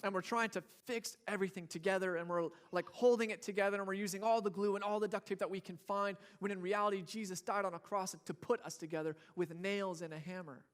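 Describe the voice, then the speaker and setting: A man's voice: sits high, fairly even intonation, fast talker, few pauses. A young man preaching a sermon in a church, casual and joking, acting out what people and babies say. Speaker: pastor.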